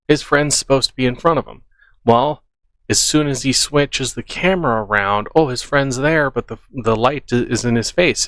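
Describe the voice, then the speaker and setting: A man's voice: medium pitch, fairly bright tone, no echo. A man hosting a reaction video, giving casual, skeptical commentary as he debunks what he watches.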